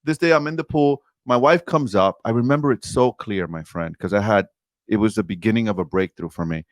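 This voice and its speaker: A man's voice: on the low side, brisk, no room sound. Earnest emphatic man telling his story. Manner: earnest, emphatic, addresses the host as brother. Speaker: podcast guest. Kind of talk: candid storytelling interview.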